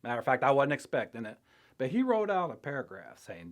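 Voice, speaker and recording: Older man telling a halting personal testimony. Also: medium pitch, huge pitch swings. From Illinois, US. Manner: halting, reflective, laughs between thoughts. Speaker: church member sharing testimony.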